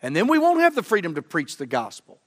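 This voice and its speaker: A man's voice: huge pitch swings, fast talker. Fervent male preacher in a reverberant church. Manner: fervent, swings from loud emphasis to low earnest tones. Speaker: guest preacher. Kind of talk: sermon. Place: church sanctuary.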